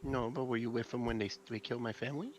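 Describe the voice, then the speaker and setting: Soft-spoken man playing a tabletop character. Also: medium pitch, fairly even intonation, very fast, soft background music, rough recording. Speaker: player. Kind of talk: in-character tabletop role-play.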